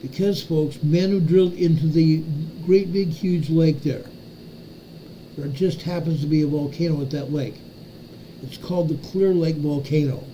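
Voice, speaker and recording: A man hosts a live earthquake update, pointing out spots on a map as he goes. He repeats himself for emphasis and keeps checking in with "okay?". His voice sits a little high but sounds very dark and mellow, with a faint hiss underneath. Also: measured pace, rough recording. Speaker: host of an earthquake update livestream. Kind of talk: live map walkthrough talking to chat.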